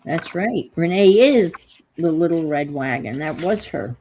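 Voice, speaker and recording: A woman's voice: low voice, expressive, a little slow, warm tone, a little hiss or hum, rough recording. A woman with a New York accent hosting a casual crafting livestream, rambling and trailing off as she searches for words.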